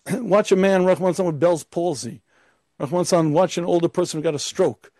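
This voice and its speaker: A man teaching Torah as a rabbi, emphatic and full of rhetorical questions. His voice sits a little high but sounds mellow and soft-edged, and the recording is dry and close. He sometimes slips into a pompous, self-important voice to make his point. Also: normal speed, dry recording. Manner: acts out a pompous, arrogant voice. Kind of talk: Torah lecture.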